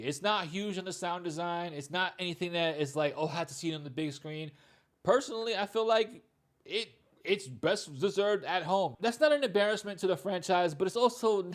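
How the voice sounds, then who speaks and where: A man reviewing a movie in a loose, candid, conversational way, with plenty of "you know" and "like.". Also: sits high. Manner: candid, blunt opinions. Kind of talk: casual spoken movie review.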